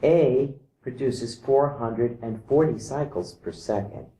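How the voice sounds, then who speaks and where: A man giving a calm explanatory talk to camera. He mimics vibrations by singing short "da" syllables. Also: mid-range voice, slow, echoey room, slight background noise, rough recording. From outside Iceland.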